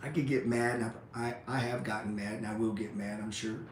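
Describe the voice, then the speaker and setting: A man's voice: on the low side, fairly even intonation, a little fast. Blunt, profane man in an echoey room. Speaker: trading show host. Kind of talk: unscripted motivational talk. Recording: roomy echo with faint ambient noise.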